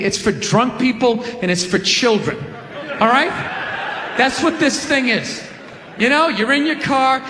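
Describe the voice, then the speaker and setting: A man doing stand-up comedy, ranting loudly and acting out people, with shouting punchlines. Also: very high voice. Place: large comedy venue on stage. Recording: big hall with crowd and noise.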